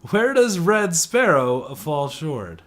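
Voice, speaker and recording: A man's voice: fairly high pitch, very animated, takes it slowly, fairly bright tone. A man giving a casual movie review, rambling with many fillers and restarts.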